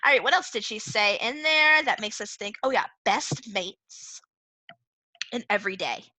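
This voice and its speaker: A woman teaching a reading lesson to young children, playful and animated, often laughing as she explains. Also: mid-range voice, moderate pace, dry recording. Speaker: second-grade teacher.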